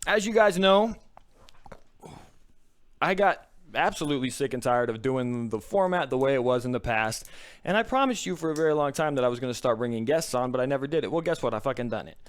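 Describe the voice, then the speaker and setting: A man's voice: medium pitch, expressive, a little fast, smooth. A man hosting a live video podcast, out of breath and frazzled, chatting casually and swearing now and then. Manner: frazzled, swearing, talks to chat. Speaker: podcast host. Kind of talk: casual live-stream chat.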